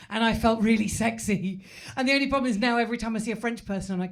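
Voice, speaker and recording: A woman's voice: on the high side, fast talker, hardly any pauses. An English woman performing stand-up comedy, chatty and self-mocking, talking with the crowd from a club stage. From England.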